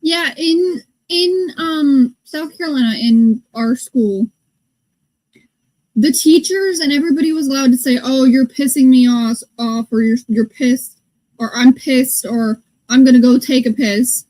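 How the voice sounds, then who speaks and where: A woman's voice: high voice, a little slow, darkish tone, low-quality recording. A woman from the northern United States co-hosting a podcast, chatting casually and telling stories with quoted asides. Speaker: podcast co-host. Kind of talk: casual chat.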